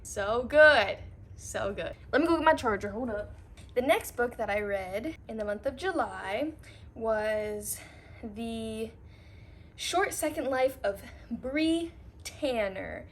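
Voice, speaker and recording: Young woman rambling excitedly about books, lots of "like", kinda high voice. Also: takes it slowly. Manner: gushing, filler-heavy chatter. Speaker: book reviewer. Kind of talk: casual reading recap.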